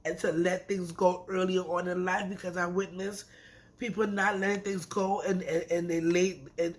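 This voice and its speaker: Animated woman recapping a reality show. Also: on the low side, normal speed. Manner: animated, emphatic storytelling with frequent repeats. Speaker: reality TV reviewer. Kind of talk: casual episode recap.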